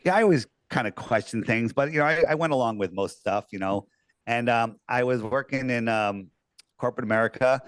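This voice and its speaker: A man in a casual podcast chat, telling a long personal story at an average pitch. He rambles, doubles back and fills gaps with "um" and "you know." His voice sounds dry and close, with no room echo. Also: a little fast. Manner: rambling, lots of fillers and restarts. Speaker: podcast guest.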